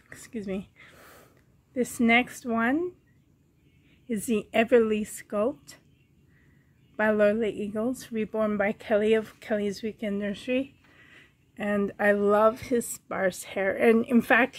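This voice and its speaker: A woman giving a casual show-and-tell vlog at home, speaking gently and fondly with frequent pauses and a slightly hoarse throat. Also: a little high, no room sound. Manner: gentle, pausing often, fond and chatty. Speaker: doll collector vlogger.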